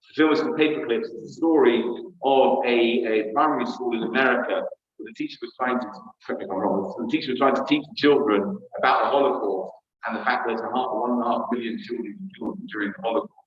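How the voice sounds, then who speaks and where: Reflective rabbi in an echoey hall. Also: male voice, medium pitch, fairly even intonation, quick pace, highs cut off. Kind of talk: sermon reflection. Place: synagogue.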